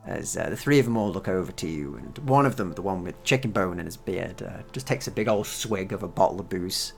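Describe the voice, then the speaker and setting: A man narrating a tabletop game as game master, descriptive and relaxed, with many fillers. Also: deep voice, brisk, gravelly, faint music behind.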